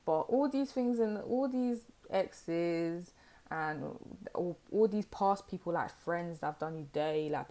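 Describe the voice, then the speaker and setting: A woman's voice: low voice, a little mellow. A young woman giving a casual, sassy tarot reading to camera, full of "like" and "you know". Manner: chatty and sassy, heavy use of "like" and "you know". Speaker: tarot reader.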